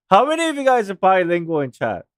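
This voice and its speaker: A man's voice: high voice, wildly swooping pitch, moderate pace, fairly bright tone, smooth, no echo, clean studio sound. A man, a game streamer rambling animatedly in casual chat, laughing often. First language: Korean.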